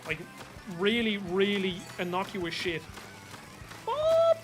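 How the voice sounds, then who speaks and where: A man's voice: high voice, moderate pace, music in the background. A young Irish man streaming a game, chatting casually, swearing freely and bursting out at the action. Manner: chatty, swears freely, excited outbursts during play. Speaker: gaming streamer. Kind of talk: casual gameplay chat.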